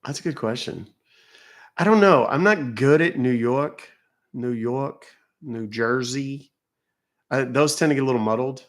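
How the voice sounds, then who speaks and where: A man's voice: medium pitch, measured pace, pauses often. A middle-aged man from Texas, hosting a live stream in casual, joking, profane and rambling chat.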